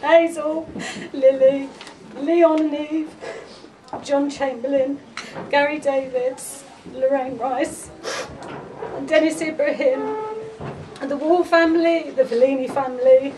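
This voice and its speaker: Woman giving a eulogy, fond and heartfelt, fairly high voice, sounds far from the mic with noise behind. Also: fairly even intonation, slow pace. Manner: fond, heartfelt, chuckling between lines. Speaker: eulogy speaker, friend of the family. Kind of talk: memorial eulogy speech. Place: memorial gathering room. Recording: distant mic with background noise at a memorial gathering.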